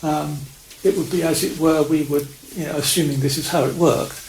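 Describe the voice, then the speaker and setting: A Zen priest gives a Dharma talk in a slightly high, gravelly voice, feeling his way through each thought with restarts and trailing fillers. He is recorded in an echoey priory hall, and a faint hiss sits under his words. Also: fairly even intonation, a little mellow. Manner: halting, many restarts and fillers, reflective.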